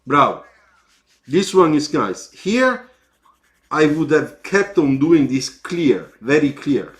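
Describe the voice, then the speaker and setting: A man with an Italian accent critiques sketches live and takes his time over each word, stopping and restarting as he thinks. His voice sits a little high for a man, and he encourages as he corrects. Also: very animated. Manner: slow, halting, encouraging teacher. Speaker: car designer giving sketch feedback.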